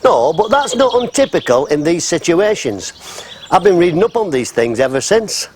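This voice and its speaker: A man's voice: a little high, sing-song, moderate pace, a little mellow, slight background noise. A man playing an ordinary, earnest man who tells a puzzling story with solemn care in a sitcom. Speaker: local man telling a story. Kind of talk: sitcom acting.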